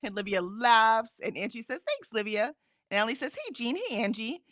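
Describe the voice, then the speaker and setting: A woman hosts a relaxed livestream and chats her way through viewer comments, laughing easily as she goes. Her voice sits a little high, and it is recorded close up with a dry sound that has almost no room echo. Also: moderate pace. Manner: chatty, laughs often, reads chat messages aloud. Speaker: livestream host. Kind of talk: casual chat reading viewer comments.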